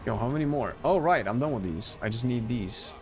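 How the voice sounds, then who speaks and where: A man's voice: medium pitch, lively intonation, brisk, faint music behind. A man streaming a game, chatting casually, joking and thinking aloud as he plays. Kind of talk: casual gameplay commentary.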